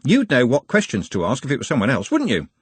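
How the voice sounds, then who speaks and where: Brief: male narrator as cheerful young working man, quick and robust, husky, dry. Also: mid-range voice, wildly swooping pitch, no room sound, voice pushed up, exaggerated voice. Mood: cheery. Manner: robust, chatty.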